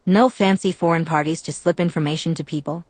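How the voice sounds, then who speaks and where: A woman's voice: low-pitched, steady tone, fairly quick, darkish tone, no room sound. A woman voicing a playful young female vampire seer in a storybook reading, cheerful and teasing.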